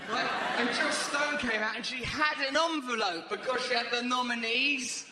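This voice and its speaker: A man with a very high-pitched voice does rambling stand-up at normal speed, animated and saying "right?" all the time. It's recorded in an echoey live theatre hall on a big stage, with heavy background noise and laughter from the audience.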